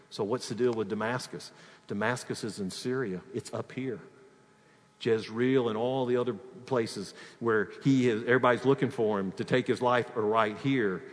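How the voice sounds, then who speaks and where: A male pastor preaching a sermon, swinging from loud emphatic peaks to quiet asides. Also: fairly low pitch. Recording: long reverb of a hall.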